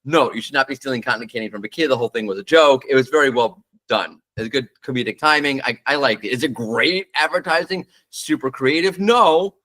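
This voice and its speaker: Talking fairly quickly with few pauses, this marketing commentator has a mid-range, fairly bright voice. Hosting a marketing show alone, he casually and bluntly shares opinions about brand advertising, speaking off the cuff and using fillers.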